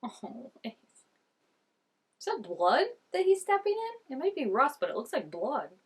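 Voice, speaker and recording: A woman's voice: sits high, big pitch swings, moderate pace, husky. Gushing young woman reacting to a show. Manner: gushing, chatty, laughs often, many "like" fillers. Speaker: TV reaction vlogger. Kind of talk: casual reaction commentary.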